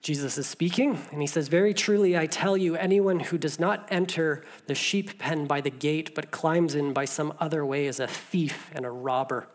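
A pastor delivering a sermon, reading scripture aloud, then slowing down to repeat a refrain for emphasis between casual, stumbling asides. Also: mid-range voice, fairly even intonation. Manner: conversational asides with stumbles and restarts.

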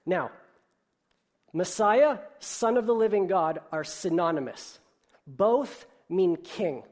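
A pastor preaching a sermon in an explanatory, conversational way, animated when he reads a children's story aloud. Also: high voice, takes it slowly.

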